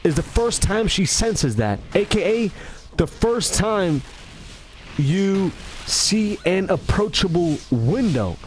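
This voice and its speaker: This is a man talking in a loose, rambling monologue, his voice sitting high. He stumbles, restarts and corrects himself constantly, and his pitch leaps around with lively energy. Faint background noise runs beneath him. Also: takes it slowly. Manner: restless, self-correcting, stumbling over words; acts out greetings in shifting tones.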